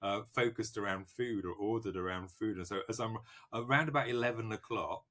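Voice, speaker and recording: Male novelist guest, lowish voice, lively chatty delivery. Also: fairly quick. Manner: chatty, animated, laughs often. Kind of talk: casual interview chat.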